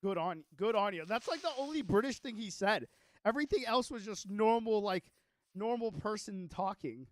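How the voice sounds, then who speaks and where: A male streamer chatting away while he plays, excitable and rambling, often cutting himself off mid-thought. His voice sits unusually high for a man, and the sound is close and dry with no room echo. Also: moderate pace. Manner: excitable, rambling, self-interrupting. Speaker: gaming streamer. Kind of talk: casual livestream chat while playing.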